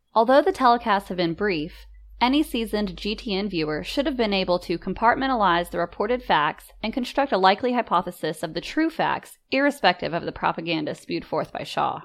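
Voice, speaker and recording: Woman narrator, low voice, first-person scripted narration, measured and composed. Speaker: audiobook narrator.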